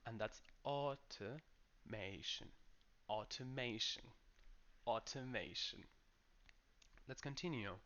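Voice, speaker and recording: A man teaching English pronunciation, slowly modeling each word and its stress. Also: mid-range voice, fairly bright tone, dull audio. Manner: slow, careful modeling of words. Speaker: pronunciation coach. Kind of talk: pronunciation lesson.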